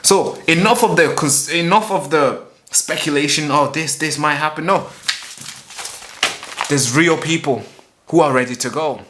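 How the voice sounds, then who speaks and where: A man's voice: fairly high pitch, measured pace, background noise. A man hosting a solo commentary show, talking emphatically, repeating himself with many fillers and restarts. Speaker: host.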